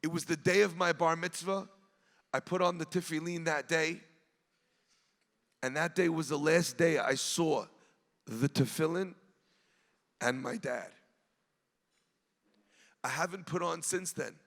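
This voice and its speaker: A man voicing an elderly, humble Russian man who speaks softly in halting, broken English with a Russian accent. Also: high voice, expressive, vocal fry, heavily acted. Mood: sorrowful. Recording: long hall reverb.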